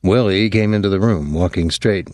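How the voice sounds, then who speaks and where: A man narrating an audiobook in a measured, even storytelling voice. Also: deep voice, dry recording. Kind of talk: scripted narration.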